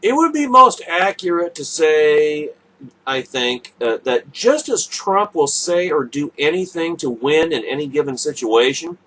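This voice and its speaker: A man's voice: a little high, fairly bright tone, breathy edge. A man hosting a radio show, delivering a sarcastic, mocking political commentary monologue.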